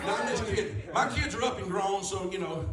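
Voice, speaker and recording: A man's voice: high-pitched, brisk, a bit bright, a faint crowd. A man doing a stand-up comedy set, telling rambling folksy stories with punchlines. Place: comedy club stage before a live audience. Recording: roomy club, distant mic, audience laughter.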